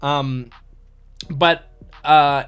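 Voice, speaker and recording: A man's voice: a little high, steady tone, extremely slow, a bit bright, clear, resonant tone. A man in his twenties talking casually about an anime episode, enthusiastic and rambling, with lots of fillers and restarts. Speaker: anime reaction YouTuber.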